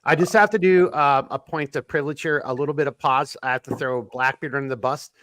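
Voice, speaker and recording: A man's voice: medium pitch, fast talker, a bit bright, dry recording. A man with a Minnesota accent hosting a podcast, joking and swearing in casual banter. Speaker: podcast host. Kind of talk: casual chat.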